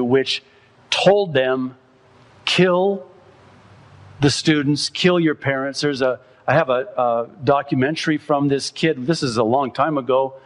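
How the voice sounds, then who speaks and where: A pastor with a medium-pitched voice preaches a sermon, quoting others at length and building to impassioned, near-shouted peaks.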